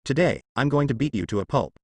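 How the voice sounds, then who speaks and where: A man's voice: medium pitch, lively intonation, fast talker, a little mellow, breathy edge, no echo. A man voicing a hulking, boastful male rhino-man villain in a read-aloud story, with a mocking, blustering manner. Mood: furious.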